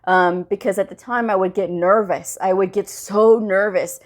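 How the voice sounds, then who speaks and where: Woman vlogger telling a work story, animated, does the voices, laughs a lot, mid-pitched. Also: moderate pace. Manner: animated, acts out quoted dialogue, laughs often. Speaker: medical coding channel host. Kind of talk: casual storytelling to camera.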